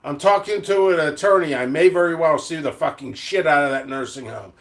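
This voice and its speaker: A middle-aged seed vendor rants angrily to camera in a vlog, blunt and rambling, with plenty of profanity. His voice is fairly high-pitched and a little fast.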